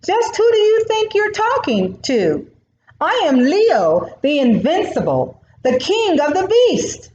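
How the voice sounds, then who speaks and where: A woman's voice: extremely high pitch, huge pitch swings, takes it slowly, darkish tone, a little hiss or hum, pitched above the performer's own voice, heavily acted. A woman voicing a proud, lazy male lion king who speaks haughtily and pities himself, in a storybook reading. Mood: indignant. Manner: haughty, self-pitying. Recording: roomy, dull recording.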